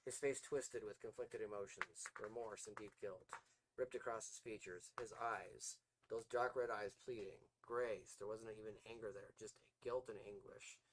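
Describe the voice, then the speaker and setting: A man reading his own novel aloud in a plain, even narrating voice, as podcast host. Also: lowish voice, measured pace, noisy background.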